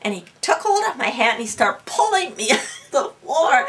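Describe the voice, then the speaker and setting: A woman's voice: high voice, sing-song, moderate pace, background noise. A woman guest, a healer and medium, telling her story in an interview and laughing often.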